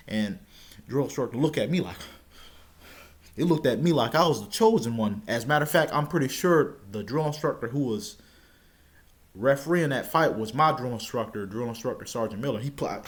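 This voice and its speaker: Young guy telling a story all animated, stumbles over words, yells the quotes, medium voice. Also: medium pitch, moderate pace, long pauses. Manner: animated, shouts out quoted lines, stammers. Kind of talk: casual personal storytelling.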